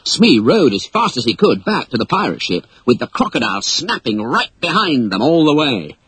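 A man reading a children's story aloud as narrator, in an expressive storybook style. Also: mid-range voice, moderate pace, slightly rough, no echo, rough recording. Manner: animated, expressive read-aloud.

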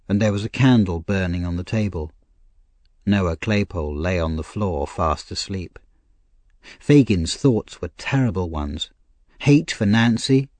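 A man narrating an audiobook novel, slow, clear and expressive. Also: on the low side, no room sound.

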